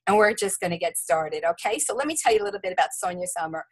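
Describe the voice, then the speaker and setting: A woman's voice: lowish voice, fast talker, husky, poor audio. A woman hosting an interview, enthusiastic and effusive, introducing and questioning her guest. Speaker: interview host. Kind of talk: interview conversation.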